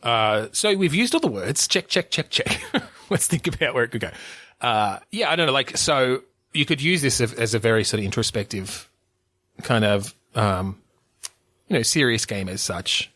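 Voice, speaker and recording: This man's mid-range voice is expressive and a bit bright, at a moderate pace with no echo. As a podcast co-host in casual conversation, he rambles, restarts often, uses plenty of fillers, and laughs a lot.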